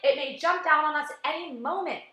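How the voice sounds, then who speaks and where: A woman voicing a blustering male chief of police in a storybook, shouting in alarm, in an echoey room. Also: sits high, fairly quick.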